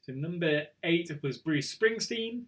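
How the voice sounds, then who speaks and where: A man's voice: fairly high pitch, lively intonation, a little slow, fairly bright tone. A man hosting an online quiz night casually, reading out questions and answers and joking about tripping over his words. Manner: chatty, self-mocking, trips over words. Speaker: quiz host.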